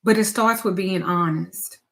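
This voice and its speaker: Speaking at a measured pace in a medium, creaky, slightly bright voice, a tarot reader and spiritual advisor talks frankly to her viewers on camera. She is emphatic and doesn't hold back on blunt cursing.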